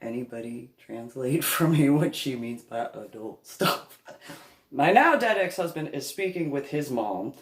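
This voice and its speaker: A woman's voice: very deep voice, animated, measured pace, echoey room. Laughing woman telling a story. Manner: laughs through her telling. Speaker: comedic storyteller. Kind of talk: comedic personal anecdote.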